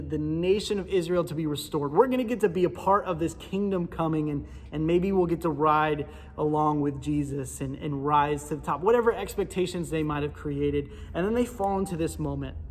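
A man preaching a sermon in a church, with a casual, animated storytelling manner. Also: fairly high pitch, long reverb tail, a little hiss or hum. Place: church sanctuary.

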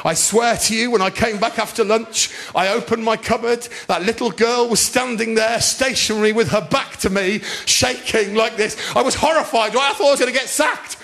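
Man, stand-up comedian, high voice, theatre stage, storytelling, shouting bursts. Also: normal speed, vocal fry, hardly any pauses. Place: large theatre stage, audience laughing.

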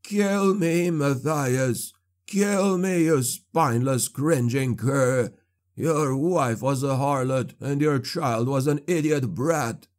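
A man's voice: mid-range voice, slow pace, darkish tone, lightly acted. A man voicing a spiteful, mocking captive sorcerer in an audiobook. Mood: shrieking. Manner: sly and taunting, shrieking when enraged.

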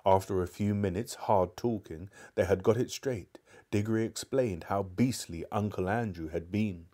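A man's voice: lowish voice, moderate pace, warm tone. A man reading a children's novel aloud on a live stream, breaking off for chatty, appreciative asides to his viewers. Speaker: live-stream book club reader.

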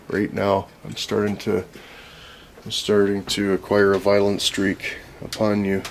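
A man's voice: fairly low pitch, fairly even intonation, a little slow, vocal fry, darkish tone, slight background noise. A young man vlogging while he works in a workshop, rambling, joking and swearing constantly. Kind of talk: profane casual chat while working.

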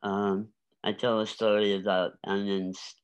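A man in his seventies telling lively stories as an interview guest, often laughing and acting out voices. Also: lowish voice, unhurried, clean tone, low-quality recording. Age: 70s. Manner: animated, laughing, acts out voices. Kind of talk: storytelling interview.

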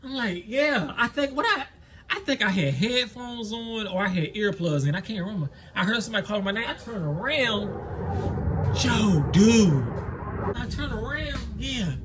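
A man's voice: high voice, expressive, moderate pace, noisy background. A young man, telling a wild story and laughing as he acts out the quotes. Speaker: lawn care vlogger. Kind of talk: animated storytelling.

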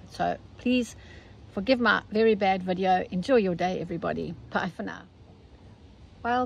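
A South African woman, older, talking casually and gently through an embroidery tutorial step by step. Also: medium pitch, slight background noise, rough recording. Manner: chatty, gentle step-by-step instruction. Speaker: embroidery teacher.

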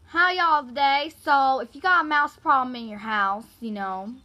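A woman's voice: high-pitched, moderate pace, muffled recording, close to an everyday voice. A woman putting on a Southern US accent as a folksy presenter giving a homemade how-to tutorial. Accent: Southern US, put on. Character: cheerful Southern DIY man-of-the-house type, how-to presenter.

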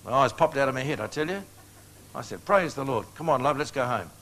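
A man's voice: mid-range voice, animated, brisk, heavy background noise. An older man, preaching a storytelling sermon in a folksy, joking way and chuckling at his own anecdotes.

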